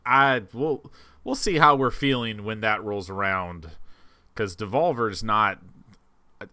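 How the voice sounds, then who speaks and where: A man with a low, bright voice chats casually on a live-stream. He hedges often and fills his talk with "like" and "I mean", recorded dry and close. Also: takes it slowly, no room sound. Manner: hedging, full of fillers. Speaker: podcast co-host.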